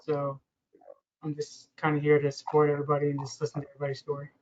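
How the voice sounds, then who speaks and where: A soft-spoken man talking quietly on a video call, with many you knows. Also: on the high side, monotone, quick pace. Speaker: support group member. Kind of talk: casual video call chat. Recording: muffled video call audio.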